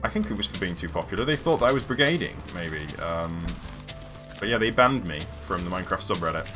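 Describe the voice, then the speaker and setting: A man with a deep voice talks casually over a live game stream. He meanders and hesitates, circling back with ums and restarts. Clear music plays underneath. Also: expressive, fairly quick. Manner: rambling, hesitant, many fillers and restarts. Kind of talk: casual live-stream chat while gaming. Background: background music.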